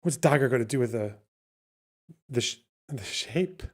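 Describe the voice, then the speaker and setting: Man, stream host, casual chat, swears a lot, thinks out loud. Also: mid-range voice, lively intonation, moderate pace. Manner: swearing, incredulous, thinks aloud with restarts. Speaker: livestream host. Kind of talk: casual chat reacting to chat and clips.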